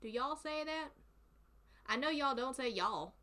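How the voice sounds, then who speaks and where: A woman's voice: high-pitched, measured pace, bright, forceful tone. A chatty woman with a thick Southern US accent, laughing often as she talks casually with her stream followers. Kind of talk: casual chat.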